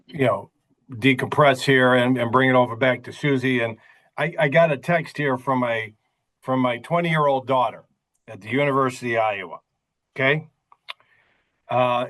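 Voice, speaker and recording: A middle-aged man hosting an interview podcast, telling stories in an animated, emphatic way with frequent asides. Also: medium pitch, normal speed, pauses often, poor audio. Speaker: podcast host. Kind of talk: conversational interview.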